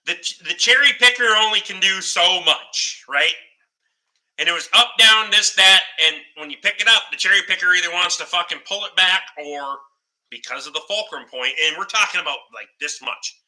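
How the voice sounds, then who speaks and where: A man spins rambling workshop stories in loose podcast chat, cursing at every turn and chuckling along. His voice sits a little high and rings very bright and forceful. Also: moderate pace, low-quality recording. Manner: profane, rambling, swears constantly; laughs through his stories. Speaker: podcast host. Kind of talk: casual storytelling chat.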